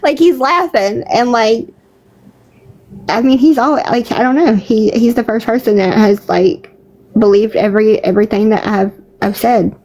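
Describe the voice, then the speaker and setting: A woman's voice: on the high side, normal speed, dark tone, low-quality recording. A woman chatting casually on a live stream, filling her talk with "like" and laughing often. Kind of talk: casual chat.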